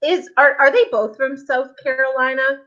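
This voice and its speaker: A woman's voice: sits high, fairly even intonation, normal speed, bright, forceful tone. Woman hosting a casual livestream chat. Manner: easygoing, chatty, laughs along. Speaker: channel host. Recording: muffled lo-fi stream audio.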